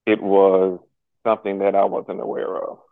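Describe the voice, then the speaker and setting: A man speaking as a podcast guest in a candid personal conversation, halting and earnest, with many pauses and restarts. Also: sits low, completely flat delivery, gravelly, no room sound. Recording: tinny phone-like line, dry.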